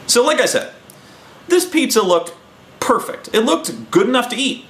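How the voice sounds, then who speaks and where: A man's voice: very high voice, moderate pace, roomy sound. A man casually telling a long, rambling anecdote and acting out the people in it. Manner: rambling, animated, acting out quotes. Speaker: host.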